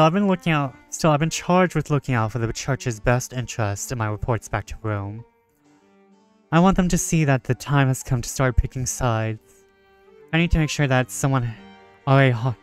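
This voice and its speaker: A man reading out the lines of an earnest young male priest in a game, with a halting attempt at a French accent. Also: medium pitch, clean tone, soft background music, natural voice. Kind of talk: reading game dialogue aloud.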